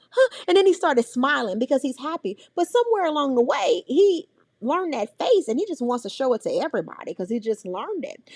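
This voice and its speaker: Lively woman trainer with a dry, close sound. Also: high-pitched, dry recording. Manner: animated, acts out scolding adults and children's voices. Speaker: early childhood trainer. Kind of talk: teaching a parenting workshop.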